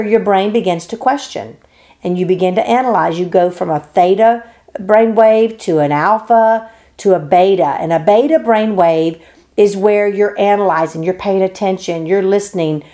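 A woman's voice: mid-range voice, dark tone. Woman explaining with earnest emphasis. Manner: earnest and emphatic, acts out quoted voices. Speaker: teacher. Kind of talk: explanatory teaching talk.

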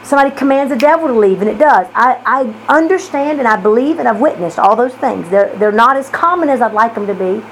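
A woman's voice: a little high, expressive, quick pace, few pauses, slight background noise, rough recording. A woman preaching a sermon, with emphatic, repetitive phrasing and rhetorical questions to the listeners. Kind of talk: sermon teaching.

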